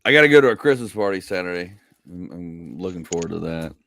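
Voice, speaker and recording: A man's voice: sits low, lively intonation, fast talker, a bit bright, no room sound, studio quality. A man hosting a casual comedy podcast, rambling and joking with frequent laughs.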